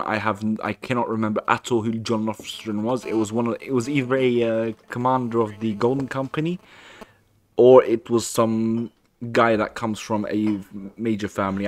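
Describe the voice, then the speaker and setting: A man's voice: fairly low pitch, steady tone, normal speed. A man casually commenting on his own gameplay, rambling and correcting himself as he reads the game's dialogue aloud. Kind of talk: casual let's-play commentary.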